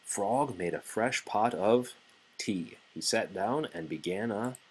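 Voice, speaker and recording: A man reads a children's picture book aloud to a child at an unhurried pace, leaving gaps for the little listener to finish lines. His voice is low and a little husky, and he gives each sentence a lively melodic lift. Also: poor audio. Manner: gentle, encouraging, pauses for a child to fill in words. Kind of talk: bedtime read-aloud.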